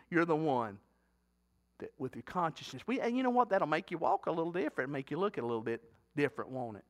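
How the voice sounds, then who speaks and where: A man's voice: on the high side, big pitch swings, fast talker. A middle-aged man preaching a sermon in a folksy, talkative way, often asking the congregation questions. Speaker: pastor.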